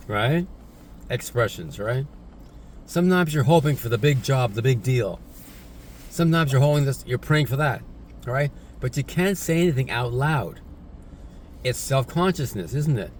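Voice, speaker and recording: This English teacher speaks in a mid-range voice with lively intonation at a moderate pace, taking long pauses, and there's slight background noise. His casual lesson is repetitive, with "right?" and "isn't it?" tagged onto his points.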